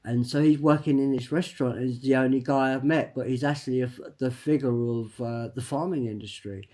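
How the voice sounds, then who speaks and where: A vlogger with a mid-range, steady, warm voice rambles through a personal monologue. He stops and restarts often, repeats words, and drives his points home emphatically, tacking a quick "right?" onto his lines.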